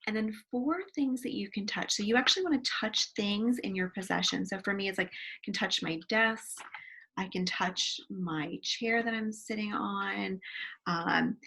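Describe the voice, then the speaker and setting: Breathy woman counselor guiding exercises. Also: mid-range voice, moderate pace. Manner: gentle, demonstrates sighs, counts aloud. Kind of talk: guided wellness exercise. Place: home office.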